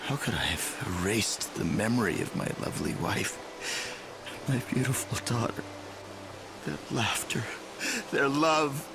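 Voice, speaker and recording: An actor playing an older man in a video game who recovers painful memories of his lost family, deep and gravelly. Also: expressive, normal speed, hardly any pauses, noisy background. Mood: grieving. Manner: cheerful at first, then sorrowful and resolute. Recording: game audio over clear music.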